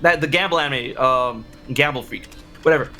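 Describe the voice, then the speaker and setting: A man in a casual interview, telling stories in an animated way, with many restarts and excited quoted voices. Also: medium pitch, brisk, slight background noise. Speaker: interview guest, content creator.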